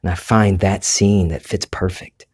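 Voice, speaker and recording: A man with a Southern US accent and a low, deep voice hosts his own podcast. He talks at an easy, unhurried pace, musing aloud and correcting himself as he goes. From Southern United States. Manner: relaxed, conversational, rambling with self-corrections. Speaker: podcast host. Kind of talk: reflective solo podcast monologue.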